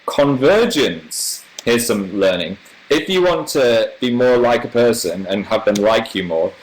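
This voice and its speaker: A young man from northern England in his twenties, chatting on a livestream with a somewhat low voice. He answers viewer comments in a rambling, animated, casual way, like a YouTuber host talking straight to his fans. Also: poor audio. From northern England, near Manchester.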